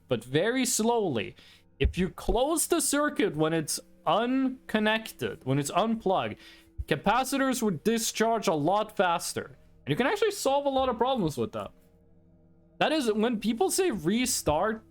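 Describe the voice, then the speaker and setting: Young male streamer, high voice, animated delivery, loose rambling storyteller at a desk mic. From Norway. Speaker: livestreamer. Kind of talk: casual chat with chat.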